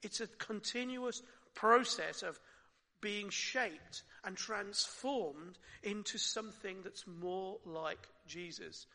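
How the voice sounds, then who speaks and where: A man preaching a sermon in a conversational way, asking his listeners questions and dropping his voice softly at times. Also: high-pitched, slow pace. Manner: conversational, with rhetorical questions and soft drops. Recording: long hall reverb.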